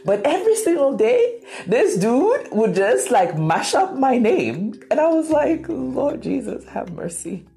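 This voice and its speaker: A woman hosting a podcast, telling a story in a casual, animated way and acting out quotes dramatically. Her first language is Cree. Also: high-pitched, unhurried, soft background music. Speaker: podcast host.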